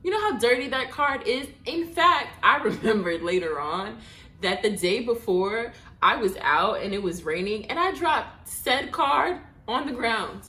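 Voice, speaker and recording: A woman hosting her own podcast, telling a casual story with animated, exasperated, swearing asides. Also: a little high, unhurried. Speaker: podcast host. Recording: echoey room.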